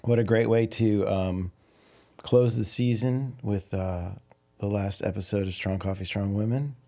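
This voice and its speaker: A man's voice: lowish voice, fairly even intonation, unhurried, dark tone. A man hosting a casual podcast, talking in an upbeat, playful way. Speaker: podcast host.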